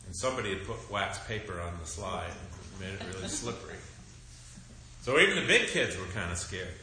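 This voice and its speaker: A middle-aged male pastor telling a children's sermon as an animated, expressive storyteller. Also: sits low, fairly quick, a little hiss or hum. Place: church sanctuary. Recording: echoey church room.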